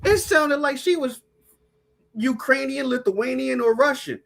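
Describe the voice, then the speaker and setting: A woman hosting a podcast, ranting with profane, animated storytelling in casual chat. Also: high voice, measured pace, vocal fry. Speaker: podcast host.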